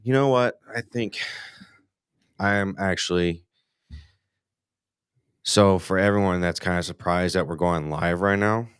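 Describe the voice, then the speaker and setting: An American man hosts a casual live hunting podcast, his deep, clear, resonant voice moving a little slowly with long pauses. The studio-quality recording has no room sound. He rambles, curses freely, and restarts his sentences often.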